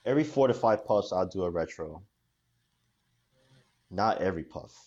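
A man's voice: deep voice, lively intonation, normal speed, darkish tone, dull audio. A man guesting on a casual podcast, easygoing while describing flavors. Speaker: cigar company guest.

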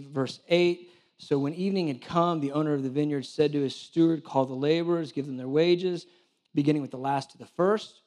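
A man's voice: on the high side, fairly quick. A man preaching a sermon, telling stories with acted-out dialogue and joking with the congregation. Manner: animated storytelling, acts out dialogue, jokes with the congregation. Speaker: church director preaching.

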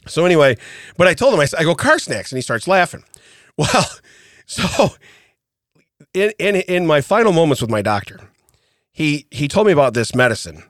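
Middle-aged guy on a podcast, lively pitch jumps, laughs a lot, dry close studio sound. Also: moderate pace, long pauses, dry recording. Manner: animated storyteller, laughs often, says "okay?" a lot. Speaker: podcast co-host. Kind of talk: casual comedic chat. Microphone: studio mic.

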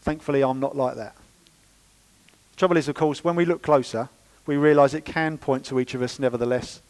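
A man preaching a sermon in church, lively and conversational with playful asides. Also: medium pitch, brisk, low-quality recording. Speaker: pastor.

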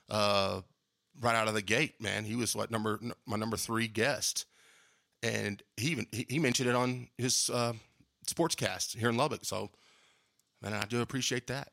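A man talks casually and earnestly to his podcast listeners, wandering from thought to thought. His voice is bright and forceful, and the recording is dry and close, with almost no room sound. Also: on the low side, vocal fry, no room sound. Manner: rambling, earnest, says "man" often. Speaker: podcast host. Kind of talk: casual year-end thank-you monologue.

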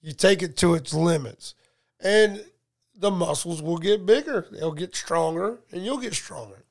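A man's voice: high-pitched, unhurried, creaky. A middle-aged man, casually telling profane, joking stories on a podcast and acting out both sides of conversations. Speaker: podcast co-host. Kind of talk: casual storytelling chat.

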